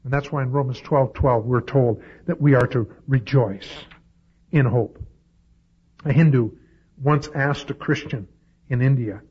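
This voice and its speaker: A man preaching a sermon, swinging from loud, high-pitched peaks to low, quiet asides. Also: husky. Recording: dull lo-fi recording.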